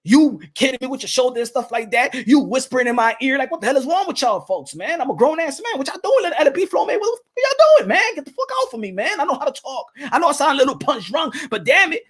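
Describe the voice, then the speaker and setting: A man's voice: extremely high pitch, very animated, fast, hardly any pauses, exaggerated voice. A man doing a fed-up young boxer, pleading and exasperated. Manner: pleading, exasperated, rising to shouts. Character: frustrated young male boxing star pleading with his promoter.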